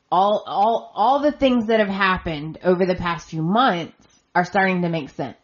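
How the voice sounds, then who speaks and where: A woman's voice: lowish voice, highs cut off. A woman hosting a podcast, casually recapping a soap opera in a chatty way and retelling scenes with quoted lines. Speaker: podcast host.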